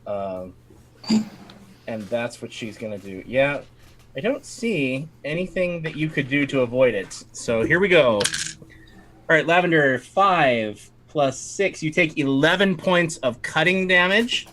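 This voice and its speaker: A man narrating as game master of a tabletop game, telling the scene in a lively, animated way. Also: on the high side, a little slow, a little hiss or hum.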